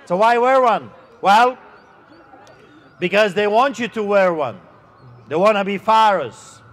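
A middle-aged man with a non-native English accent, preaching an outdoor street sermon as a pastor, slow and emphatic, stretching out his words. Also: high voice, expressive, a bit bright.

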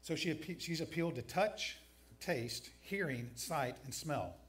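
A man's voice: a little high, animated, measured pace, a bit bright. Man preaching with dry humor. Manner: conversational preaching with dry jokes. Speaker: pastor. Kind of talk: sermon. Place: church sanctuary.

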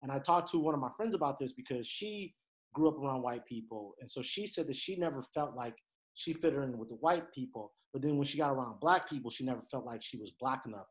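A young man from Detroit, a podcast guest talking in a casual, animated way. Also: mid-range voice, fast. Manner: animated, swings into loud laughing impressions. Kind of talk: casual conversation.

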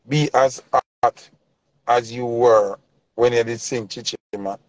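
A man's voice: a little high, gravelly, no room sound. A man with a Jamaican accent delivering a passionate, preachy commentary rant in heavy Patois. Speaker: vlogger. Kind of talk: ranting commentary. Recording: dull lo-fi dry sound.

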